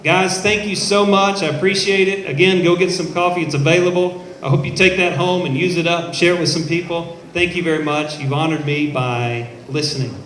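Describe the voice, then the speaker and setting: A man giving a live sales pitch to an audience, upbeat and persuasive, talking straight to the crowd at an event in a showroom. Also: fairly even intonation, brisk, few pauses, fairly bright tone. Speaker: company presenter. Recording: echoey room, faint background noise.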